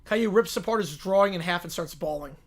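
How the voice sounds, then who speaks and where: A man hosting a live stream, reading a fan story aloud in a quick, offhand way. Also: high voice.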